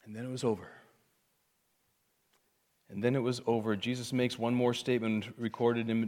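A man preaching a sermon, swinging from hushed, intimate lines to loud, emphatic cries. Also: medium pitch, little pitch movement, moderate pace. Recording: long hall reverb.

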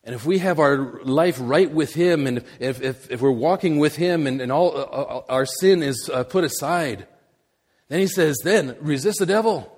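A middle-aged man preaching, telling a personal story in a halting, animated way with many repeated words. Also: medium pitch. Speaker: missionary preacher.

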